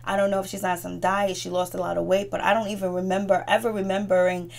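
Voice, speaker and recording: A woman's voice: mid-range voice, level tone, fast, creaky, a little mellow. A woman giving a casual, gossipy recap of a reality TV episode, talking in a chatty way with frequent restarts. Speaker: TV recap host.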